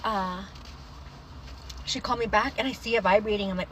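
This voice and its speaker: A young woman hosting a casual livestream, chatting to viewers and telling stories in an animated way. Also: medium pitch, a little fast, slight background noise, low-quality recording. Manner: chatty, animated storytelling, calls viewers girl. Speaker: livestream host.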